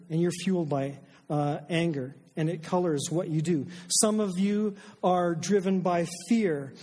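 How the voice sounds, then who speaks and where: A man's voice: high-pitched, darkish tone, in a large hall. A middle-aged man preaching a sermon as a pastor, conversational and self-deprecating, with frequent fillers and restarts.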